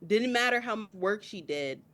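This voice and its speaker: A woman's voice: medium pitch, animated, normal speed, fairly bright tone. Young woman podcast co-host, teary, intense casual chat. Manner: emotional, builds to tearful outbursts. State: crying.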